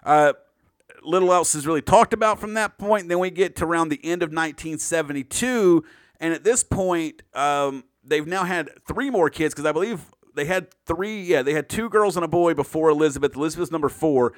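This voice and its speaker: A man's voice: a little high, fairly quick, smooth, no echo, studio quality. A man co-hosting a casual true-crime chat, profane and joking, riffing into silly bits. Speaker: podcast co-host.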